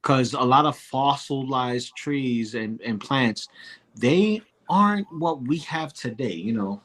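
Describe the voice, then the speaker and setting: A man's voice: mid-range voice, animated, takes it slowly, a bit bright. A man co-hosting a casual livestream chat, joking and emphatic, often repeating his phrases.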